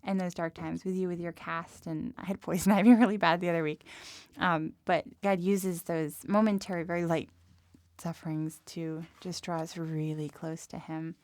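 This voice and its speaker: A woman co-hosting a Christian talk show, chatting in a relaxed way with fillers and agreeing murmurs. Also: on the low side, moderate pace, dry recording. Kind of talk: casual chat.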